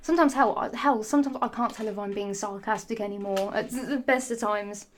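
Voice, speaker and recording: A young woman rants on her vlog with a sarcastic, sassy edge. She swears freely and keeps drifting off topic, talking at a middling pitch. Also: a little fast, slight background noise. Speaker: vlogger. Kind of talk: ranting casual monologue.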